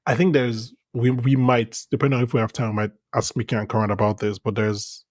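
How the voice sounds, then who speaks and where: A man's voice: medium pitch, little pitch movement, a little fast, a little mellow, no room sound, clean studio sound. A man co-hosting a podcast, chatting casually about a TV episode with frequent restarts and easy laughter. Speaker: podcast co-host. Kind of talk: casual TV recap chat.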